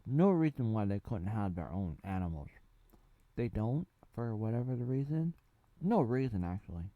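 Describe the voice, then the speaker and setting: A man's voice: lowish voice, sing-song, normal speed, no echo, narrow, tinny audio. A man in his thirties from the United States, giving a casual spoken TV review in a rambling way with lots of fillers. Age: 30s. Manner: rambling, full of fillers and asides. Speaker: TV show reviewer.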